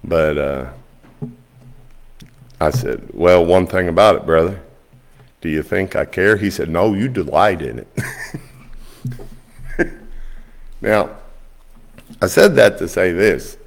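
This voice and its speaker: A pastor with a deep, gravelly voice tells stories from the pulpit. His delivery is folksy and animated, with plenty of fry at the ends of phrases. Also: slow, long pauses. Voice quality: low gravelly voice. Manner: folksy, animated storytelling, rising high when quoting others. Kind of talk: storytelling sermon.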